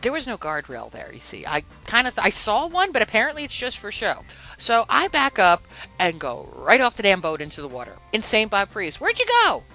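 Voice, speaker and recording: A woman hosts a casual podcast, telling a story with lively swings in pitch and a bright, edgy tone. She acts out each quote in a different voice. Faint music plays under her. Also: brisk, poor audio. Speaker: podcast host.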